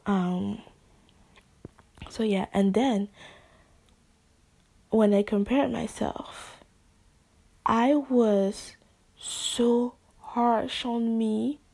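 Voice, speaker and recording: A woman talking off the cuff in a slow, unhurried ramble, slipping into slang and hushed near-whispers. Her voice sits fairly high but has a dark, mellow color with a steady gravelly fry. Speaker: vlogger. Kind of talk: spontaneous casual monologue.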